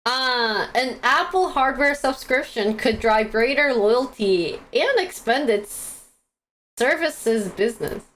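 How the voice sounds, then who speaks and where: A woman's voice: fairly high pitch, expressive, slow, a bit bright. A young woman hosting a live stream, chatting casually and giggling as she reads stock news and answers the chat.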